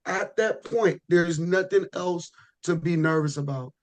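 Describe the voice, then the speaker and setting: Relaxed, rambling man, fairly high voice. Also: unhurried. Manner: relaxed, rambling with frequent restarts and "you know". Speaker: podcast guest, pro bodybuilder. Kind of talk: casual podcast chat.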